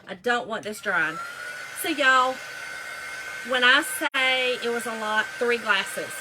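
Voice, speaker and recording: A woman's voice: fairly high pitch, takes it slowly, noisy background. A woman, telling a funny story in a casual vlog chat, laughing often and saying "y'all" a lot. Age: 40s. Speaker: vlogger.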